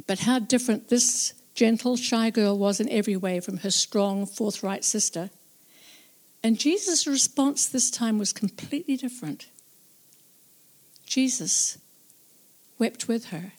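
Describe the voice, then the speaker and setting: A woman narrating a Bible story as a first-person witness, slow, reflective and earnest. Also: a little high, a little mellow.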